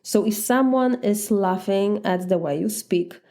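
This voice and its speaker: A woman's voice: mid-range voice, a little slow, warm tone. A woman with a Polish accent, coaching listeners in a direct, casual talk and acting out replies. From Poland. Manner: direct, demonstrates replies aloud. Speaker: life coach.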